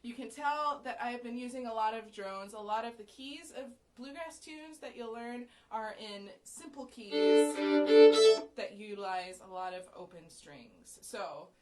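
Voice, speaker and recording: A woman from the USA giving a relaxed, explanatory fiddle lesson, often checking in with "right?", with violin playing between phrases. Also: a little high, moderate pace, few pauses, over music. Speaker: violin teacher. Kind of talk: casual music lesson with fiddle demonstrations.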